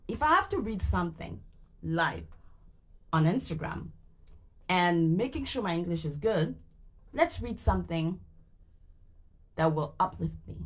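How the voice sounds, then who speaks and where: A tired woman with a French Canadian accent, a native French speaker, reading a book aloud on a live stream into a mic, animated and retrying hard words again and again. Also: medium pitch. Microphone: microphone.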